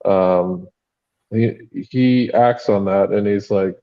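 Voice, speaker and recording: A man's voice: fairly low pitch, slow pace, phone-quality sound. A man co-hosting a podcast, recapping a book in casual chat with many fillers and frequent laughs. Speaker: podcast co-host.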